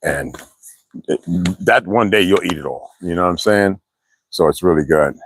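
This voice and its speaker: A man's voice: deep voice, moderate pace, creaky, a little hiss or hum, poor audio. An older man from the US East Coast, rambling and profane in casual livestream chat, answering viewers as he goes. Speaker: livestream host.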